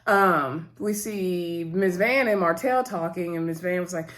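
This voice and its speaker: A woman giving a casual, chatty recap of a reality show episode, acting out the cast's lines in quick bursts, with lots of fillers. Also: mid-range voice. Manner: chatty, retells scenes by voicing the cast, many fillers and laughs. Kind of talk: casual recap with acted-out quotes.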